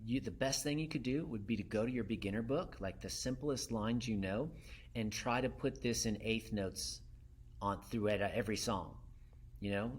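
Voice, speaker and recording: A man's voice: fairly low pitch, normal speed, breathy edge. Man teaching a saxophone lesson. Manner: demonstrates by singing syllables; counts in and calls turns. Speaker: music teacher.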